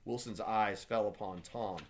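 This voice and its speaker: A man, a teacher, reading a novel aloud for his class with steady, measured delivery. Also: fairly low pitch.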